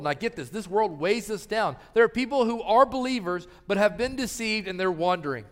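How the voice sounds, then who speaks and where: Impassioned high-voiced male pastor preaching. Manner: impassioned, swinging from loud appeals to soft pleading. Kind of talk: sermon. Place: large church hall. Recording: long hall reverb.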